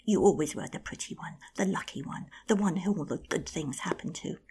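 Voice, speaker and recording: A woman's voice: low voice, fairly quick, darkish tone, in a whisper. A woman voicing a grieving, furious queen of the underworld who wails and shrieks in self-pity. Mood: bitter.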